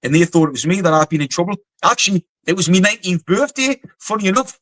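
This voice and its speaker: A man's voice: sits high, animated, quick pace, fairly bright tone, no room sound, poor audio. Blunt, sweary Geordie man telling stories. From North East England. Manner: blunt, swears freely, rambling with many fillers. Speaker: guest, former soldier and boxer. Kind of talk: casual storytelling interview.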